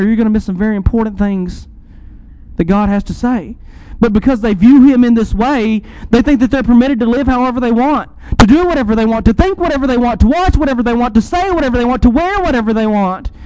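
A man preaching a sermon, building to emphatic swells and easing into slow, quiet pauses. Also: very high-pitched, no echo, low-quality recording. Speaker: pastor.

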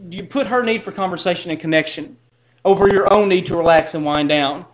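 Earnest high-voiced male preacher. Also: fairly quick, dull audio. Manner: earnest, direct address with rhetorical questions. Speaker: pastor. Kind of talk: sermon.

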